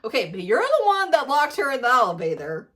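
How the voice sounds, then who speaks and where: A woman ranting about books with open disbelief, her pitch set fairly high. She swoops up and down a lot and drives her points home by repeating them. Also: huge pitch swings, fairly quick, a bit bright. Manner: exasperated, incredulous, emphatic repetition. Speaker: book reviewer reacting to videos. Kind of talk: reaction rant.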